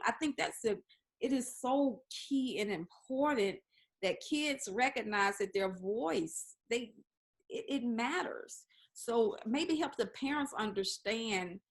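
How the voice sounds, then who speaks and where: A woman hosting a talk show, framing questions for her guest with frequent restarts. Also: a little high. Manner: halting, restarts sentences while framing questions. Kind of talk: interview.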